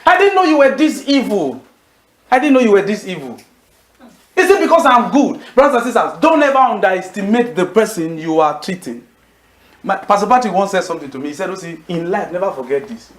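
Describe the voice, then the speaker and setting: Male preacher, emphatic call-and-response delivery, lively high pitch, roomy hall sound. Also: fairly quick. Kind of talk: sermon. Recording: echoey hall.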